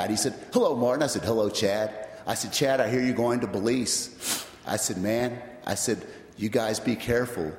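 A man shares his personal testimony in church, in a fairly low voice. He tells his story plainly, coming back again and again to the turn "well, guess what." The sound is roomy, with a long church-hall reverb and faint noise behind. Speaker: church member giving testimony. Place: large church sanctuary.

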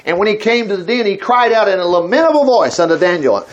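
A man's voice: high voice, big pitch swings, fast talker, dull audio. An older man teaching from the Bible in a conversational way, reading verses aloud and breaking into emphatic bursts. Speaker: preacher.

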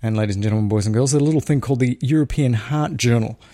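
A middle-aged Australian man hosting a casual solo podcast, speaking quietly with a wry, showman's repeated catchphrases. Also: mid-range voice, rapid-fire, dry recording, studio quality. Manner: hushed, talking quietly because a baby sleeps. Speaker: daily podcast host.

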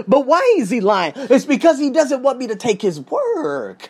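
A man's voice: very high-pitched, big pitch swings, moderate pace, hardly any pauses, darkish tone, husky. A man telling his story in a casual vlog from his condo, emphatic and swearing as he goes. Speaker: vlogger, English teacher. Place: condo room, indoors.

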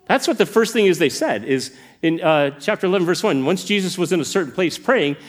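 A man delivers a sermon in a lively voice that climbs and dips widely. His voice sits a little high for a man, and he keeps putting questions to the congregation. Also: brisk. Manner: animated, asks the congregation questions. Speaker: preacher.

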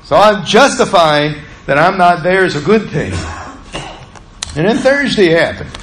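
Male lay preacher, slightly high voice, animated storyteller; roomy hall, faint ambience. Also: unhurried, a little hiss or hum. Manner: animated storytelling, swings from hushed to loud when reliving anger. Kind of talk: sermon.

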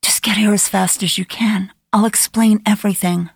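A woman's voice: mid-range voice, steady tone, moderate pace, vocal fry, breathy edge, no room sound, studio quality. A woman voicing a frightened young woman who speaks with urgency in an audiobook reading. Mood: anxious. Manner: urgent, breathless pleading.

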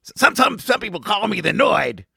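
A man putting on a goofy, loud, high cartoonish voice to mimic his co-host. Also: sing-song, moderate pace, vocal fry, husky, dry recording, studio quality, full character voice. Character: goofy shouting adult male loudmouth, cartoonish.

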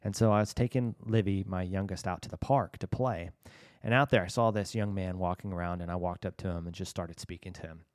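A man with a very low, deep voice tells stories as a podcast guest. He speaks earnestly and livens up his retold conversations, and the recording sounds close and dry with no room echo. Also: brisk, few pauses. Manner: earnest, retells conversations with lively shifts. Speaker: missionary guest. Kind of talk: personal storytelling in a podcast interview. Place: lives in Bangkok.

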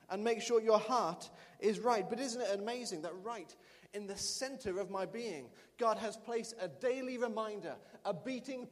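A man preaching a sermon as pastor, emphatic and repeating key lines for the congregation to say with him. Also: high-pitched. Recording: long reverb of a large hall.

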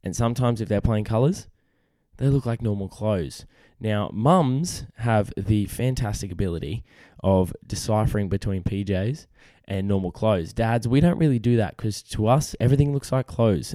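A young Australian man chats on his podcast in a loose, matey way, swearing freely. His voice sits low and mellow, and it is starting to go. The sound is close and dry. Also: normal speed, no echo. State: losing his voice. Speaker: podcast host. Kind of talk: casual chat.

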